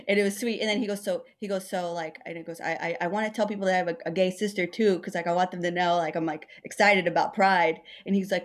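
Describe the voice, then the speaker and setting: Woman, low voice, comedian, chatty, rambling, acts out quotes, lots of "like". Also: fairly even intonation, racing, few pauses. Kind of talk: casual podcast conversation.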